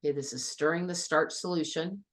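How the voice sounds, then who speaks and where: Low-voiced woman teaching a biology lab. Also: a little fast. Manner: chatty, patient step-by-step instruction. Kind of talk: classroom lab walkthrough.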